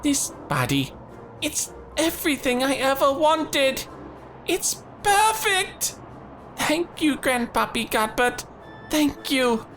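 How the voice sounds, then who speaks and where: A woman's voice: high-pitched, very animated, takes it slowly, fairly bright tone, heavily acted. A woman voicing an innocent, childlike mammet that longs to be a real boy, speaking earnestly. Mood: awed. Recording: game audio with faint music.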